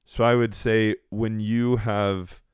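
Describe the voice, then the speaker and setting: A man's voice: on the low side, level tone, slow pace, clean tone, no echo, studio quality. A married man co-hosting a podcast, giving dating advice in a joking, rambling way. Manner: joking, rambling, slips into silly voices. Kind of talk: casual podcast chat.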